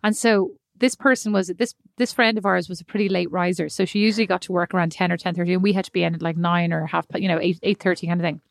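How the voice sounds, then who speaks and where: A woman in her thirties telling lively personal anecdotes in a casual chat, laughing often. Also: lowish voice, fast, vocal fry, hardly any pauses, dry recording. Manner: animated anecdotes, laughing often, acting out quotes.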